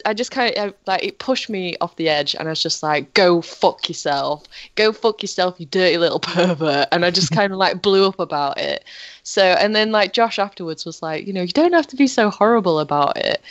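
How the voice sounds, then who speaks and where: A woman's voice: medium pitch, lively intonation, brisk, a bit bright, no echo. A woman chatting casually on a podcast, blunt, swearing freely and saying "like" a lot. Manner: blunt, swears, many "like" fillers. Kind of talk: casual chat. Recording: slightly dull lo-fi sound.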